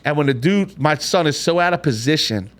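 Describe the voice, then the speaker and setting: A middle-aged man, a podcast host telling a profane, lively story about his son in casual chat. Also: a little high, a little fast.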